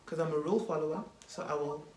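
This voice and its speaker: A woman from South Africa, a vlogger telling a story from her school days in a lively way and laughing often. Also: low voice, fast, reverberant, background noise. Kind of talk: casual chat.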